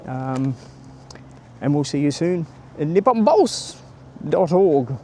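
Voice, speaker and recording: A man's voice: a little high, sing-song, takes it slowly, mellow, slight background noise. A man giving a chatty, rambling walking-tour vlog outdoors by a stadium, filming on a handheld camera or phone and greeting passers-by. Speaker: travel vlogger.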